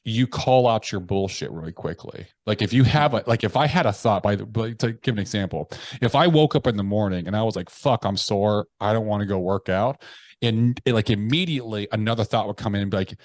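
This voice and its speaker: Animated, profane low-voiced man. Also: fairly quick, no echo, studio quality. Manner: animated, profane, acts out his inner voices; drops low and quiet when confessing. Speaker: podcast guest. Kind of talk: candid storytelling in conversation.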